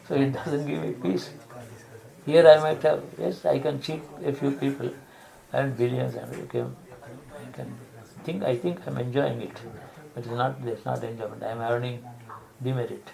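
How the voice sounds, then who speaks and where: A man giving a spiritual discourse, explaining slowly and restarting phrases to rephrase his examples. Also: medium pitch, steady tone, creaky, dark tone, rough recording. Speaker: spiritual teacher.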